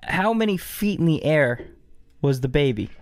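A man's voice: fairly high pitch, animated, normal speed, no echo, clean studio sound. A man co-hosting a podcast who reacts with jokey, exaggerated outbursts. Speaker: podcast co-host. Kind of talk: casual chat.

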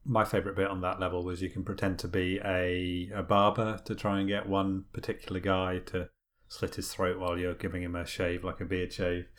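A man's voice: sits low, completely flat delivery, a little fast, few pauses, a bit bright. A man in casual podcast chat about video games, with dry, wry humour.

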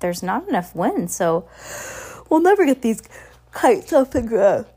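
A woman voicing an eager, slightly shy young girl witch who asks excited questions. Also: on the high side, measured pace, slight background noise, voice pushed up.

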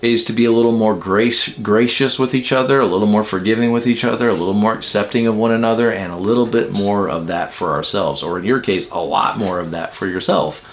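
A man's voice: on the low side, brisk, hardly any pauses. A man teaching the Enneagram in an informal, emphatic way, with many rhetorical questions to his viewers.

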